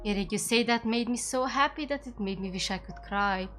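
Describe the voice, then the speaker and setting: A woman's voice: on the high side, brisk, a bit bright, soft background music, lightly acted. A woman reading as an earnest young witch. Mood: tender.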